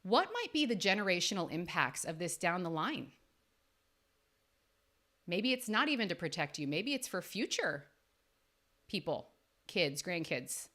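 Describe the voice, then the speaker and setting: A woman in her thirties hosts a faith-based coaching podcast. Her voice is bright and lively, and it jumps up for emphasis as she speaks earnestly to her listeners. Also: a little slow, long pauses. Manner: earnest and emphatic, with sudden rises in pitch. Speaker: podcast host and life coach. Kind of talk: faith-based motivational talk.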